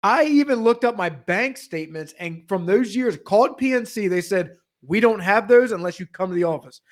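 A man's voice: sits high, expressive, normal speed. A young man telling a comedic story as a podcast co-host, ranting profanely. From Pennsylvania.

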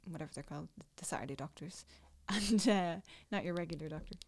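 A young woman with an Irish accent, casually telling a personal story, dropping to a hush and then getting excited. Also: sits low, fast, slight background noise. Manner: animated, swings between hushed and excited. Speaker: new mother telling her story.

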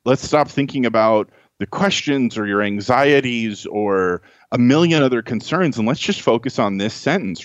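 A man's voice: lowish voice, lively intonation, moderate pace, few pauses, dry recording, muffled recording. A man as a guest tutor on a podcast, explaining study advice in a conversational way with many restarts.

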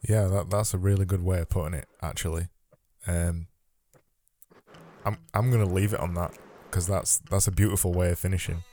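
A man's voice: deep voice, fairly even intonation, normal speed, warm tone, slight background noise. A man hosting a casual conversation, emphatic and repeating words as he starts sentences, a little worn in the voice. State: losing his voice. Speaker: podcast host.

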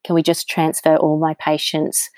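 A woman's voice: deep voice, monotone, normal speed, a little mellow, no room sound. A woman with an Australian accent, telling her story candidly as an interview guest, with frequent ums. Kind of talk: conversational interview.

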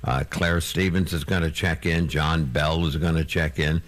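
Older male radio veteran, very low voice, wry storyteller on the line. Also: normal speed. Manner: storytelling, wry, deadpan jokes. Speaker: guest, veteran radio host. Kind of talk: phone-in guest chat.

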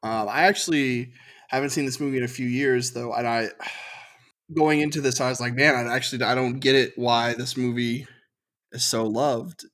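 A man's voice: medium pitch, fairly even intonation, normal speed, a bit bright. A young man co-hosting a casual movie podcast, easygoing and hesitant, with many fillers. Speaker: podcast co-host.

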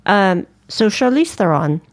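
A woman's voice: mid-range voice, sing-song, a little slow, no room sound. A woman co-hosting a podcast, leading a casual, eager discussion of a film. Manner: leads the discussion, chatty and eager. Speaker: podcast co-host. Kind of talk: casual movie review chat.

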